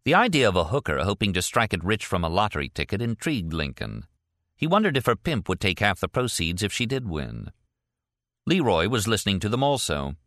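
A man narrates a novel in a steady, deliberate manner. His voice is very deep but crisp and forceful. The recording is close and dry. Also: no room sound. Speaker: audiobook narrator. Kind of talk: scripted narration.

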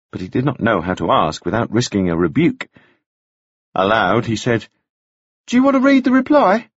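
A man narrating an audiobook with a very expressive delivery. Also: fairly low pitch, breathy edge, no room sound. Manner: very expressive, wide-ranging delivery. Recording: dry, slightly dull audio.

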